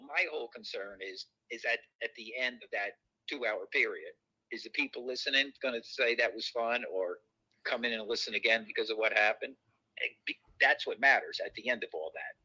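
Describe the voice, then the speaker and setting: A man's voice: lowish voice, pushed and bright, husky, highs cut off. A man who is a podcast guest, talking in a rambling, hesitant way and defending himself. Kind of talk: casual chat.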